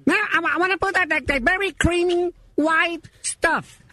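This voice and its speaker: A man's voice: very high-pitched, unhurried, pushed and bright, no room sound, full character voice. A man voicing a bumbling young caller, stammering and giggling through broken English. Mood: goofy. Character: bumbling young man calling a turkey hotline. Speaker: prank caller.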